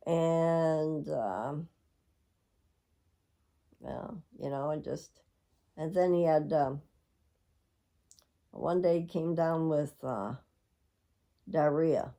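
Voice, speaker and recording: A woman's voice: low voice, dark tone. A middle-aged woman telling a rambling, reflective personal story to her viewers. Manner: rambling, reflective, with frequent laughs. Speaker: vlogger.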